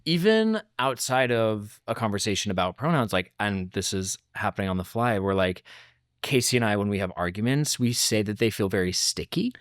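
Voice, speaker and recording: A man's voice: lowish voice, lively intonation, normal speed, dry recording, studio quality. A man hosting a podcast, asking reflective questions in a casual, chatty way. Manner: warm, reflective questioning with filler "like". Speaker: podcast host.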